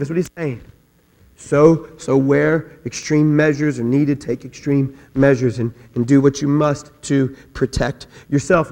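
High-voiced preacher ringing through a hall. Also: male voice. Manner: swings from quiet chatty asides to shouted, drawn-out emphasis; repeats words and phrases for emphasis. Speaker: pastor. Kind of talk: sermon. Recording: long hall reverb.

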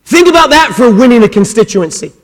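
A man preaching a sermon as pastor, swinging between loud, forceful passages and quiet ones. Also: very high voice, lively intonation, fast, big-room sound.

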